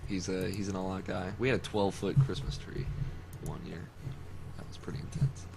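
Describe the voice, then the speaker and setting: A man's voice: low voice, fairly quick, creaky. A man hosting a podcast, chatting casually over a video call and telling stories with plenty of laughs. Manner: animated storyteller, laughs often. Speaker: podcast host. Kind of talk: casual chat. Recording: noisy online call audio.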